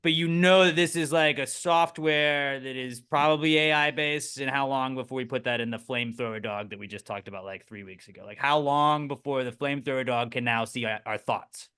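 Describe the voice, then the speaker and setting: A man co-hosting a podcast in casual chat, animated and swearing freely. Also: medium pitch, brisk, few pauses, smooth. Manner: animated, swears often, voices people mid-story. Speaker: podcast co-host.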